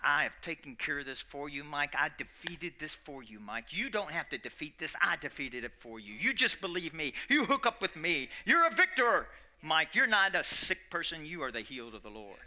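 A man voicing God speaking to him, calm and reassuring, in a slightly lower voice than his own. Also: normal speed, full character voice. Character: God speaking gently to a preacher, male.

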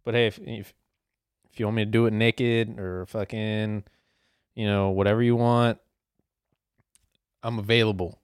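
A man's voice: lowish voice, level tone, a little slow, long pauses, smooth, dry recording, clean studio sound. A young man hosting his own podcast solo, ranting casually in a profane, rambling way and laughing at himself. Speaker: podcast host.

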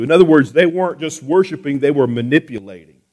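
A man delivering a sermon in a somewhat high voice. He preaches with animated rhetorical questions and often repeats words as he restarts phrases. His delivery swings between loud, pressing pleas and quiet asides. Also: fast talker. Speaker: pastor.

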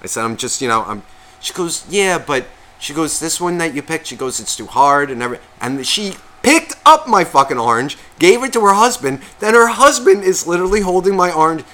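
A man's voice: fairly high pitch, very animated, brisk, sharp tone. A man who is sick, telling a long profane, self-mocking story on a podcast and acting out what people said. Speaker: podcast co-host. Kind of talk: casual storytelling chat.

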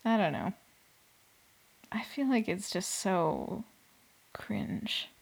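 A woman's voice: medium pitch, animated, very slow, creaky, breathy edge, in a whisper. A young woman in casual chat, recapping a dating show in a chatty, sarcastic way, full of "like" and little laughs. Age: young adult.

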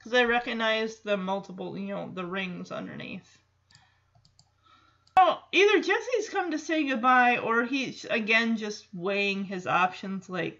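Slow, chatty woman reacting to a film. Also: medium pitch, animated, fairly bright tone, dull audio. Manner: chatty, many fillers and asides. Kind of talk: casual film reaction commentary.

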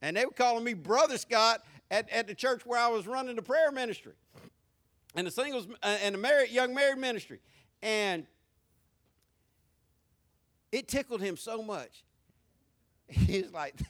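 Animated preacher man, bright voice. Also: fairly high pitch, normal speed, long pauses. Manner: animated preaching, swings from hushed to loud. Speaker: pastor. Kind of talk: sermon.

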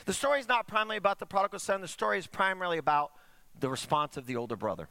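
A man preaching a sermon to a congregation, often asking for an "amen," dropping to quiet asides and slowing down to stress key points. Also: sits high, creaky, dry recording. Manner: animated preaching, drops to quiet asides, slows for emphasis. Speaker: pastor.

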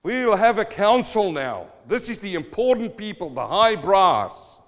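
A self-important old-time councilman speaks with mock grandeur, as a preacher puts him on. The voice sits high and rings through a large reverberant hall. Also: very animated, a little slow, fairly bright tone, full character voice. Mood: pompous. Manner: mocking, pompous. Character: pompous self-important male religious councillor.

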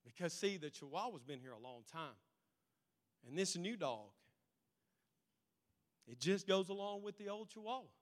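A male pastor preaching a sermon, telling stories in an animated way that swings between loud and quiet. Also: sits high, normal speed, pauses often. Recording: long reverb in a large hall.

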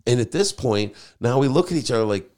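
A man, a podcast host and DJ, telling a story in casual chat, animated and swearing freely. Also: mid-range voice, brisk.

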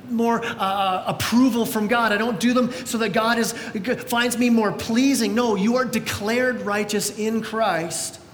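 A man with a high voice preaches a sermon in a large church, his words ringing through a long, roomy echo. He talks with energy, restarting and repeating words as he pushes his point. A faint low rumble sits under the room. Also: a bit bright. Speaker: pastor.

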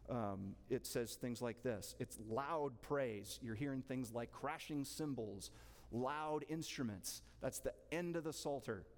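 In a church hall with long reverb, a man leads a relaxed, chatty Bible class and puts questions to the room. His voice is medium-pitched and a little mellow.

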